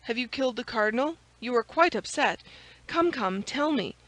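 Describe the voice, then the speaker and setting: A woman reading an audiobook, voicing a calm, phlegmatic male musketeer with a composed, commanding manner. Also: a little high, moderate pace, pitched above the performer's own voice, rough recording.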